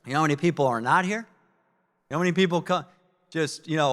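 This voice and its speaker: A man giving a live sales training talk, energetic and asking the audience questions. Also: fairly high pitch, a little fast, in a large hall. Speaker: network marketing trainer. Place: training event room with audience.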